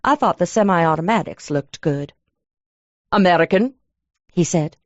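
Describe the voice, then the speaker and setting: A woman narrating a first-person audiobook in a lively, chatty storytelling manner. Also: lowish voice, normal speed, no echo. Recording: dull lo-fi dry recording.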